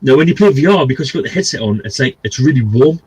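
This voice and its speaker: A man with a husky, slightly rough voice tells a rambling, sweary story, animated and loose. His pitch sits in an ordinary middle range for a man. He sounds relaxed and chatty, like a stream co-host chatting with mates. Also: fast, highs cut off. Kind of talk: casual storytelling.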